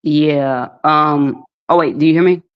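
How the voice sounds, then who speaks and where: A woman calling in to a live stream, hesitant and defensive, speaking in halting bits. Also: deep voice, clear, resonant tone. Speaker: guest calling in. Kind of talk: casual chat. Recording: muffled lo-fi call audio.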